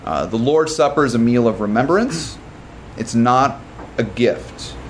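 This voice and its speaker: Pastor talking fast in Bible study. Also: male voice, medium pitch, animated, slight background noise. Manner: informal and fast, with restarts and joking asides. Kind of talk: conversational Bible study teaching.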